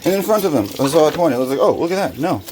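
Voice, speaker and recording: A man vlogging while he washes dishes at a kitchen sink, telling an upsetting story in an agitated way and getting louder when he recounts arguments. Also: on the high side, sing-song, rapid-fire. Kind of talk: casual vlog monologue. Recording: noisy room with running water. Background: running water and dish washing.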